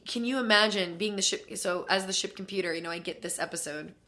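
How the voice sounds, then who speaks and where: A woman voice actor, a guest on a podcast interview, telling stories in an animated way and laughing often with eager enthusiasm. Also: mid-range voice, fast talker.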